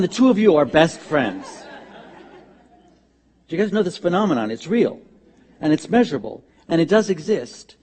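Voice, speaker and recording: This minister talks fast in a fairly high voice, preaching a humorous, conversational sermon in a church sanctuary and tossing in animated asides.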